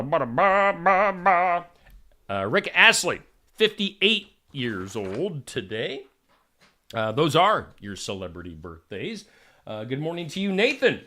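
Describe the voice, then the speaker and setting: Lively man hosting a live stream. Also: a little high. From Iowa. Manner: chatty, jokey, reads out viewer names. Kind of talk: casual live-stream chat.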